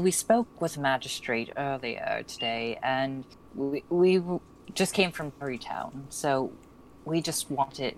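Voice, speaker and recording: A woman playing a tabletop game who speaks in an earnest, halting way. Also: a bass voice, slight background noise, rough recording. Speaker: player. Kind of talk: casual chat.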